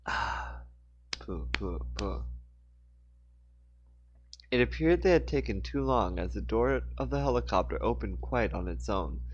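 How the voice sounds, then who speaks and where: A man's voice: mid-range voice, animated, a little fast, hardly any pauses, muffled recording. A man reading a novel aloud informally, sometimes stumbling and correcting himself. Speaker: audiobook reader. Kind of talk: casual book reading aloud.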